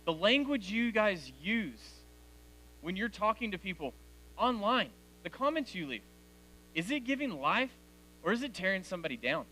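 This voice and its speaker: A man's voice: high-pitched, very animated, normal speed, bright, forceful tone, faint music behind. A man in his forties giving a direct, conversational youth sermon to teenagers in a church hall. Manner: direct, conversational, addresses teens as guys. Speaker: youth speaker.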